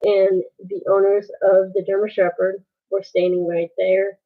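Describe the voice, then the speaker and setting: A woman telling a painful story on a live stream, halting and pausing as she goes. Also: medium pitch, flat delivery. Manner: halting, with many pauses and restarts. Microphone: phone. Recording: tinny phone-like sound.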